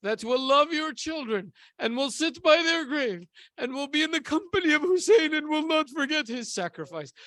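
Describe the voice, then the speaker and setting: Brief: grave sorrowful prophet in a sermon retelling, a man acts him out, high voice, dry sound. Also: big pitch swings, moderate pace, few pauses, bright, forceful tone, no room sound, exaggerated voice. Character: sorrowful prophet comforting his family.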